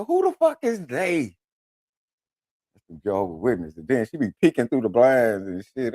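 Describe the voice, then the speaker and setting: Animated, profane man telling stories. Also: medium pitch, normal speed, dry recording. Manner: animated storytelling, switches into voices of others. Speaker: radio show host. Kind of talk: profane comedic monologue.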